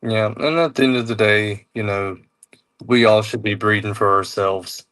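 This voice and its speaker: A man's voice: on the low side, moderate pace, fairly bright tone. A man co-hosting a casual talk show, speaking in an easygoing, reassuring way with lots of "you know.".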